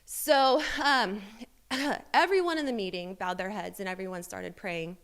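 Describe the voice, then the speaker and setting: A woman's voice: medium pitch, unhurried, clean tone. A woman sharing a personal church testimony, candid and self-deprecating, with many fillers and restarts.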